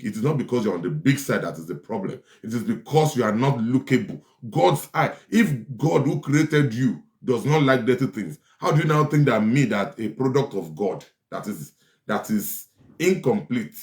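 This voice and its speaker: A man's voice: lowish voice, expressive, normal speed, darkish tone. Man, preachy advice host, repeats for emphasis, roomy echo. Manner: emphatic, repeats lines for stress. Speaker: host giving relationship advice. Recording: echoey room.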